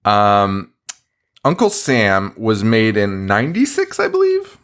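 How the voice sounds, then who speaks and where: A man's voice: on the low side, takes it slowly. A man co-hosting a podcast in casual chat, telling stories with lots of laughter and swearing. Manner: lively, laughing storyteller, swears freely. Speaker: podcast co-host.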